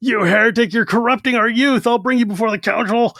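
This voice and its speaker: Guy putting on a drunk old high priest, pompous, yelling accusations, voice pushed way up. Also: a little fast, gravelly, no echo, studio quality, full character voice. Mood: furious. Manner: shouting accusations, blustering.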